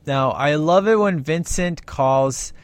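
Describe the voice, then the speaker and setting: A man's voice: fairly high pitch, takes it slowly, clear, resonant tone, no echo. A man chatting casually about a movie he loves, enthusiastic and rambling, often acting out quoted lines. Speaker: movie reviewer.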